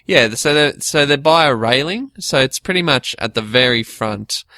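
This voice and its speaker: A man's voice: medium pitch, expressive, moderate pace, pushed and bright, no room sound. A man co-hosting a casual podcast, reading out forum posts bluntly, with lots of ums and restarts. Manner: blunt, hesitant, with many fillers. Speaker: podcast co-host.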